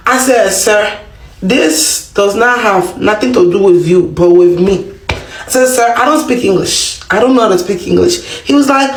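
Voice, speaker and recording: A woman from Africa telling a story with animated, mocking delivery, acting out quotes. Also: mid-range voice, moderate pace, reverberant, poor audio. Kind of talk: storytelling clip.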